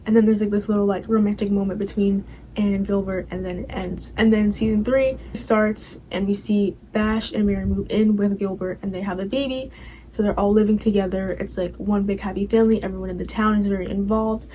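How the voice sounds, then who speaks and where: A woman's voice: mid-range voice, steady tone, fairly quick, dark tone, slight background noise, rough recording. A young woman casually recapping a TV show, rambling and filling her talk with "like" and "you know".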